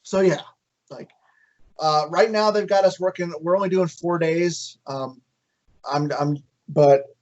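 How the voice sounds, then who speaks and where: A man's voice: on the high side, a little mellow, highs cut off. Joking, cursing man on a podcast. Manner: joking, profane, halting with fillers. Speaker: podcast co-host. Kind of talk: casual podcast chat.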